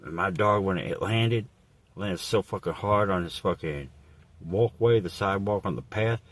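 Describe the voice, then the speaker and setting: Deep husky man rambling a profane story. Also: moderate pace, no echo. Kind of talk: absurd improvised comedic monologue.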